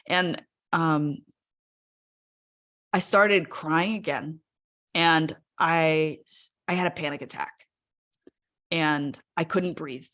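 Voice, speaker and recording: A woman speaks candidly to a live webinar audience over a video call, and her voice sits a little low for a woman. She talks in a loose, conversational way and keeps checking in with listeners. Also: takes it slowly, long pauses, a bit bright. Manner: candid, conversational, often asks the audience "right?". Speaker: speaker sharing a personal story. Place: her home workspace.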